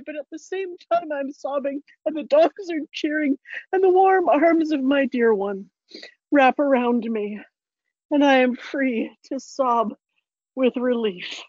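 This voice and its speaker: A woman's voice: sits high, a little slow, a little mellow, no room sound, highs cut off. A woman reading a personal story aloud to a room in a tender, heartfelt way, often close to tears.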